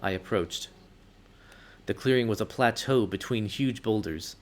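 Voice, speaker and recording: A man reading a story game aloud in the first person, expressive with sudden outbursts. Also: lowish voice, unhurried.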